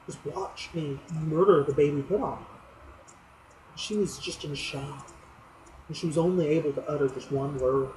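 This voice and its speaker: A man delivering a rambling comic monologue for his fantasy league's weekly roast, telling crude jokes in a low-key, deadpan way. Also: normal speed, a little hiss or hum, rough recording.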